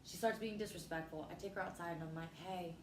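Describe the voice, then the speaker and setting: A woman's voice: on the low side, fast talker. A woman comedian telling a wild family story in casual chat, brash and profane, acting out the quotes. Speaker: comedian guest. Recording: echoey room with faint noise.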